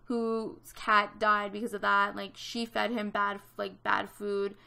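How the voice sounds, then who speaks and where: A woman's voice: medium pitch, little pitch movement, slow, creaky, sharp tone, smooth. A woman in her twenties from Canada, telling a story in casual chat over a gaming video, with lots of fillers. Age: 20s. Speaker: gaming vlogger.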